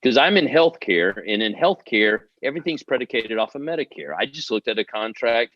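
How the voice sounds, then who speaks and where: A man co-hosting a podcast who works in healthcare, explaining contracts in a measured way. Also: mid-range voice, animated, a bit bright, no room sound, highs cut off. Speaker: podcast co-host. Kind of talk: casual chat.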